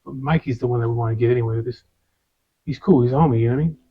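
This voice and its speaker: A man's voice: mid-range voice, very fast, slightly rough. Guy telling his story, lots of slang and cussing and "you know", kinda muffled audio. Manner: casual street slang, swears, constant "you know". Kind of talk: first-person storytelling.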